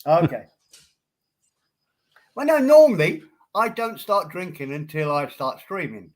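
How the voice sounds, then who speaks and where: Lively, rambling streamer man. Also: a little high, measured pace. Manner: rambling, laughs often, addresses chat by name. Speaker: livestream host. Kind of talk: casual chat on a livestream.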